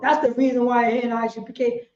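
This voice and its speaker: A high-voiced woman teaches a class in a loose, animated street style, always checking in with her listeners. The sound is roomy and echoey, and the recording is dull and lo-fi. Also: brisk. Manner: animated, slangy, frequent "you know what I mean". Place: indoor meeting hall. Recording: echoey, dull lo-fi room audio.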